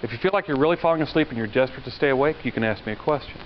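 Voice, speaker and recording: A man lecturing to a class in a relaxed, conversational way, checking in with the students and wandering into anecdotes. The recording is dull and lo-fi, with a faint hiss of noise underneath. His voice sits at an ordinary middle pitch. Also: racing. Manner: conversational, asks the class questions, tells anecdotes. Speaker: university lecturer.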